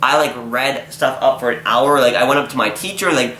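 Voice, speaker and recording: A young man telling a story in a casual vlog, animated and exasperated, acting out what people said. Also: mid-range voice, fairly quick. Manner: animated, exasperated, acts out quotes. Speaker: vlogger. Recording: echoey room, faint noise.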